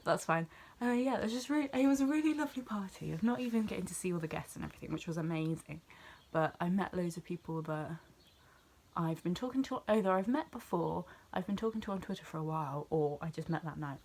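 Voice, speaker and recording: A young woman from near Bristol with a West Country English accent, chatting excitedly and rambling as she recaps an event in a vlog. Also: on the low side, fast, a little hiss or hum. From England. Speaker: vlogger. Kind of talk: casual chat.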